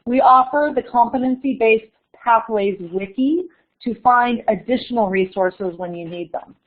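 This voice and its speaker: A woman's voice: on the high side, normal speed. A woman moderating a webinar, reading a prepared welcome and housekeeping notes. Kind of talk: scripted webinar introduction. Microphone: conference call line. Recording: tinny phone-line audio.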